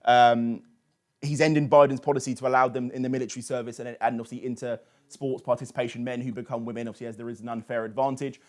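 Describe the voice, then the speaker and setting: Talk show host asking rambling questions. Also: male voice, mid-range voice, little pitch movement, quick pace. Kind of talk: political talk show hosting.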